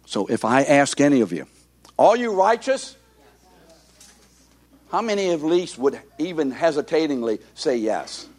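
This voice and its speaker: A man's voice: on the high side, big pitch swings, unhurried, pauses often, darkish tone. A man in his seventies, a pastor giving an interactive sermon who keeps asking the congregation questions.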